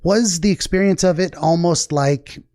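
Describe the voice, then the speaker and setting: A man hosting an interview about a dream, asking calm, careful follow-up questions. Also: on the high side, moderate pace, dry recording, clean studio sound.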